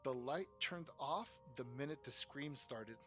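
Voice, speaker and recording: A young man co-hosting a podcast, casually telling a story in an animated, profane way and acting out what people said. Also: mid-range voice, measured pace, faint music behind. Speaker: podcast co-host.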